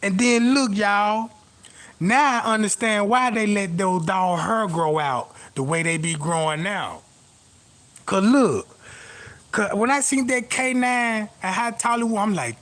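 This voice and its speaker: A man's voice: sits high, measured pace, a bit bright. A man telling profane comic stories in a stand-up style, constantly asking "you know what I'm talking about". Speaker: comedian. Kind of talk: stand-up storytelling.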